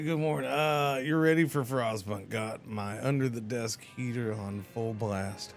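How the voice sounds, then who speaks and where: A man's voice: mid-range voice, a little slow, hardly any pauses, soft background music. A man streaming a game, chatting casually and rambling with playful exclamations. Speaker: livestreamer. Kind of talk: casual gaming commentary.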